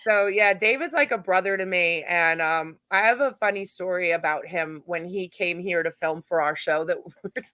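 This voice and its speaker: A middle-aged woman, a guest on a paranormal talk show, telling a lively anecdote in casual chat. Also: fairly low pitch, normal speed, dry recording. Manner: animated, chatty anecdote-telling with laughs. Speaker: guest, paranormal event organizer.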